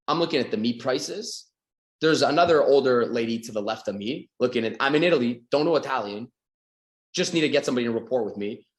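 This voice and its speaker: A man from Canada giving a motivational sales talk, energetic and acting out little scenes with his voice. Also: reverberant. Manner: energetic, acts out quoted dialogue with big pitch swings. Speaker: sales coach.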